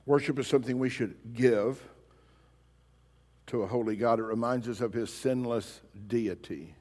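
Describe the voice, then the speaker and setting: A man's voice: medium pitch, moderate pace, a little mellow. Emphatic male pastor in a reverberant hall. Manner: emphatic, asks the congregation pointed rhetorical questions. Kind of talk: sermon. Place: church sanctuary. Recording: long reverb of a large hall.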